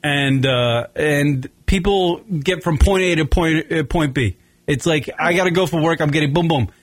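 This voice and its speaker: Male radio host from Long Island, fairly high, profane, rambling, dry studio sound. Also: normal speed, no echo. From Long Island, New York. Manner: profane, rambling, animated storytelling. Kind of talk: casual comedy radio chat.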